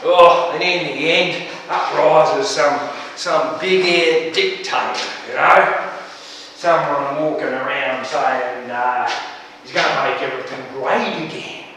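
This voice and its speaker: Teasing comic in an echoey hall. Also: male voice, fairly high pitch, steady tone, takes it slowly, sharp tone. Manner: chatty, teasing, asides. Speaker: stage comedian. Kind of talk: comic stage monologue to an audience. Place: studio. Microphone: distant microphone. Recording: echoey hall from far off, faint noise.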